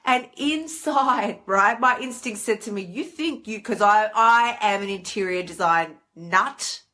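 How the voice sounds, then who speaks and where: Chatty, bright-voiced woman. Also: measured pace. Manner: chatty and animated, with big pitch swings for acted inner voices. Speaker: host. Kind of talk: casual live-stream monologue.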